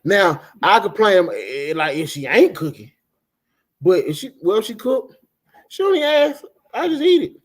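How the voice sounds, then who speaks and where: A middle-aged man co-hosting a casual chat, telling animated, profane stories and acting out the people he quotes. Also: sits high, normal speed, husky. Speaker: co-host.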